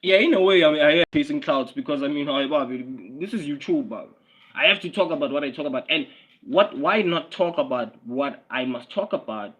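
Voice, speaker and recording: A man's voice: on the high side, lively intonation, a little fast, a bit bright, lo-fi sound. A man, a Swati speaker, ranting casually and profanely on a livestream, repeating himself and often laughing. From South Africa. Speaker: YouTube streamer.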